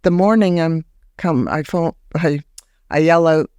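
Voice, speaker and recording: A woman, a guest telling a personal story in an animated, halting way. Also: smooth, no room sound, studio quality. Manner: animated, acts out remembered words in a higher voice; halting restarts when recounting. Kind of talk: personal storytelling in a podcast interview.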